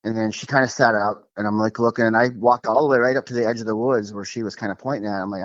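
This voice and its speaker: A man's voice: on the low side, dry recording, lo-fi sound. Chatty man telling a spooky story. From Minnesota. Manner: animated, fast, lots of fillers like "like" and "um". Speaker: guest telling an encounter. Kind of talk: casual storytelling over a call.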